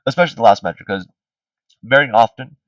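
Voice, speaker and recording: In a casual music theory review, this tutor has a medium-pitched voice with lively intonation, a little fast and a bit bright, with no echo. He sings bits of melody on syllables and repeatedly asks "right?" to check in. The streamed audio is distant and slightly dull.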